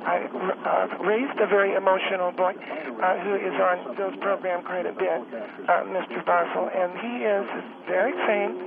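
A man putting on the voice of an elderly, motherly woman phoning into a radio show, gentle and rambling with many ums. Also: high-pitched, steady tone. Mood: soothing. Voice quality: gravelly, halting with many ums. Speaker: caller. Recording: tinny phone line with loud crowd noise.

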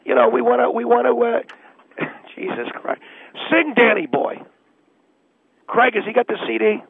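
Guy doing a pushy loudmouth boss on a tinny phone line, high raspy voice, bossing everyone around. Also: lively intonation, normal speed, no room sound, full character voice. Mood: bossy. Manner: pushy, barking orders, impatient. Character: bossy bigoted middle-aged male station boss. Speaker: radio station boss calling in.

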